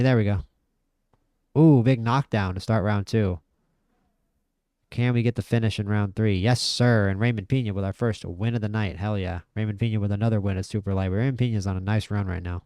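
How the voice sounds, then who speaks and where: A man giving casual, excitable commentary while playing a boxing management game, talking to himself about each fight. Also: fairly low pitch, smooth, no room sound, studio quality. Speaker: gaming video host.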